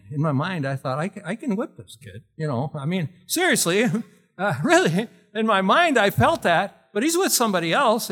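A man's voice: high-pitched, fairly bright tone. A middle-aged man preaching a storytelling sermon in a folksy way, quizzing his congregation as he goes. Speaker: pastor.

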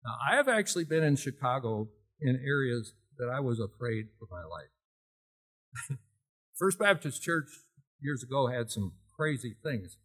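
A man's voice: medium pitch, very animated, measured pace, fairly bright tone, slightly rough. A middle-aged man preaching a storytelling sermon in a folksy way, quizzing his congregation as he goes. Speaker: pastor.

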